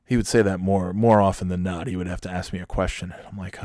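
A man's voice: deep voice, steady tone, fast talker, a little mellow, no echo, clean studio sound. A man telling a casual comic anecdote, profane and exasperated. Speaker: storyteller.

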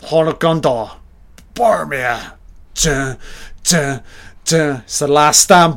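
A man doing a live film reaction commentary, excitable and swearing constantly as he blurts out reactions. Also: on the high side, slow pace, pauses often.

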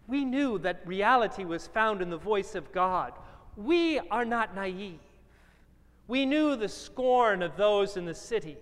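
A man preaching from the pulpit with a notably high voice, building his points through slow, emphatic repetition. The sound rings out with the long, trailing reverb of a large church sanctuary, as if he is taking on a biblical persona for the congregation. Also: lively intonation, fairly bright tone. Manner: measured, emphatic, repetitive phrasing. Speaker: pastor. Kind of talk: first-person dramatic sermon.

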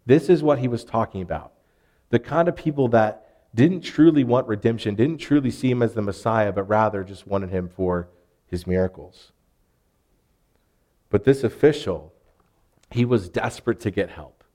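A man's voice: on the low side, moderate pace, long pauses, dark tone. A man in his thirties from Arkansas with a Southern US accent, preaching a sermon in an earnest, conversational way with rising emphasis. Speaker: pastor.

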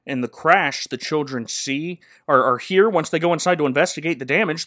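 A man's voice: a little high, sharp tone, no echo, clean studio sound. A man recapping a movie in a sarcastic, rambling comedic style, laughing often.

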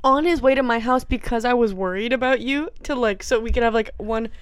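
Young woman with a high voice, jumping in w quick reactions on a chill podcast. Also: clear, resonant tone, no echo, studio quality. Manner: quick reactive interjections and quips. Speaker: podcast co-host. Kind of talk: casual chat.

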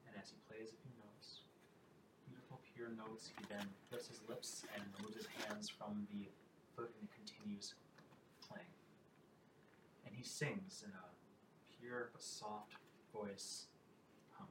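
A man running a tabletop game as game master, telling the story and breaking off for casual asides. He sounds far from the mic in a roomy space. Loud ambience sits behind him. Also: fairly low pitch, fairly even intonation, a little slow, pauses often, very noisy.

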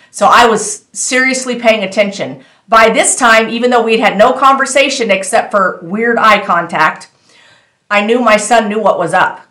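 A woman shares a faith testimony in a casual, earnest, animated way, speaking straight to her viewers. Her voice sits at a middle height. The room gives her voice a noticeable echo. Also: medium pitch. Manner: earnest, animated storytelling that addresses viewers directly. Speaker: storyteller sharing a faith testimony.

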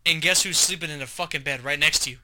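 A young man co-hosting a podcast, telling profane, animated stories in casual chat. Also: fairly high pitch, fast. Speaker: podcast co-host.

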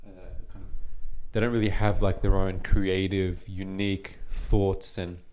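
A man's voice: low-pitched, flat delivery, measured pace, a little mellow. A young Australian man from Western Sydney, co-hosting a casual podcast chat, voicing opinions while hedging against offense. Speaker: podcast co-host.

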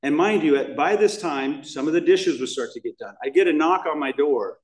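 In a roomy church hall, recorded from a distant mic, an American man is the main speaker at a recovery meeting. His slightly high voice has lively intonation and a moderate pace. He gives a candid, rambling, emotional personal testimony with restarts.

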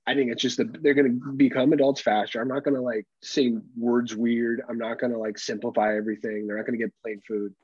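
A man's voice: mid-range voice, a little fast, few pauses, slightly rough, no echo, dull audio. A young adult man co-hosting a comedy podcast, talking casually and with a lot of swearing, acting out exaggerated voices. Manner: profane, animated, acts out exaggerated voices. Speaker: podcast co-host.

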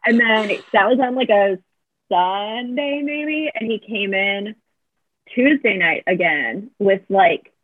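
A young woman chats as a podcast guest and tells her story with energy, acting out what she and others said and laughing along the way. Her voice is a bit husky. It comes through a tinny, phone-like line with no room sound. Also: medium pitch, takes it slowly, dry recording. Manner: animated storyteller, quotes herself and others, laughs often. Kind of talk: casual chat.

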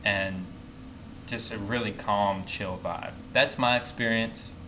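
A man's voice: on the low side, steady tone, takes it slowly. Easygoing young Southern man, noisy room. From American South. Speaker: podcast co-host. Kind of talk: casual chat.

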